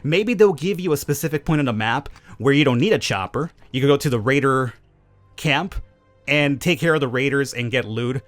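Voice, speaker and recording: A man's voice: mid-range voice, lively intonation, moderate pace, dry recording, faint music behind. A man hosting a gaming channel, answering viewer questions in casual, chatty commentary with opinionated, wry asides. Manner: chatty, opinionated, self-aware cynical asides.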